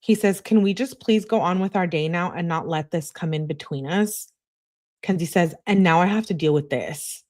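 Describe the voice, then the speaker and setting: Woman, lowish voice, true crime commentary, reading text messages aloud, flat delivery. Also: moderate pace. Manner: reads both sides of a text exchange in a flat recounting tone.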